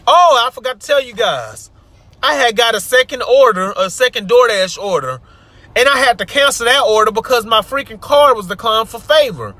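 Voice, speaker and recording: Fed-up man venting in a car. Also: dry recording. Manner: frustrated venting, swings between loud outbursts and low mutters. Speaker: vlogger. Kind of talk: story time vlog rant.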